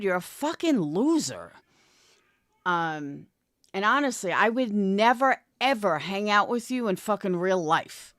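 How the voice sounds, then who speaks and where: A woman in a furious online callout rant, cursing freely and dripping with contempt. Her delivery is slow and deliberate, her pitch swings widely, and the recording is close and dry with no room sound. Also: a bit bright, dry recording. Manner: profane, contemptuous, confrontational. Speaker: commentary YouTuber.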